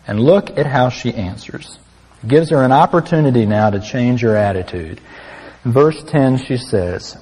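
A man's voice: medium pitch, darkish tone. Man preaching in a reverberant hall. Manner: earnest, conversational preaching with dry asides. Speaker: pastor. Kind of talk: sermon.

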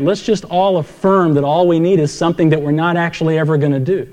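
A man's voice: a little high, steady tone, fast talker, darkish tone. A man preaching a sermon as pastor, conversational and storytelling, acting out the dialogue of the people in his anecdotes. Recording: long hall reverb.

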